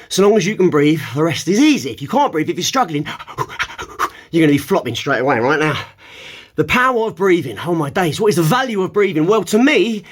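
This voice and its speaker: A man talking while holding a plank, strained and out of breath, sighing between emphatic phrases that burst into shouts. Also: on the high side, big pitch swings, normal speed. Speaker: fitness vlogger.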